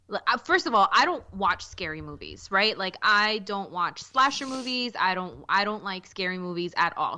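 A woman in casual podcast chat who talks freely and laughs easily. Her voice is bright and forward, though the recording is a bit muffled. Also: mid-range voice. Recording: slightly dull sound.

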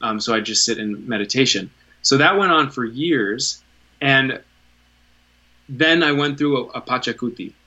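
A man's voice: medium pitch, moderate pace, sharp tone, highs cut off. A man in his thirties, a podcast guest, telling his story in an earnest, candid way, swearing casually and often restarting his sentences.

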